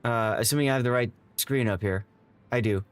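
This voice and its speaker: Speaking fairly quickly in a clear, resonant mid-range voice, a man thanks his live-stream viewers. Emotional and on the verge of tears, he stammers and repeats himself in this excited chat.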